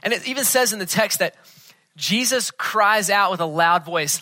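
A man preaching a sermon as pastor, earnest, often dropping to a hushed tone for emphasis. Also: sits high, animated, moderate pace, no echo.

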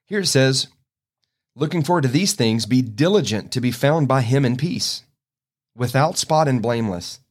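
A man's voice: medium pitch, animated, moderate pace. Male preacher, earnest folksy sermon, emphatic bursts, mid-range voice. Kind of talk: sermon podcast with scripture reading.

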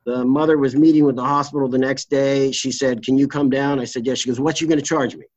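A middle-aged man, a trial lawyer and interview guest, telling his case stories in a blunt, salty, animated way. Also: medium pitch, fairly quick, no room sound, muffled recording. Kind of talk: candid storytelling interview.

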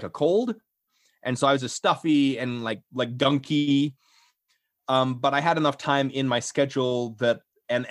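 A man's voice: mid-range voice, dry recording, studio quality. A young adult man, a voice actor, chatting casually in an interview in a self-effacing way. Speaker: voice actor and audiobook narrator.

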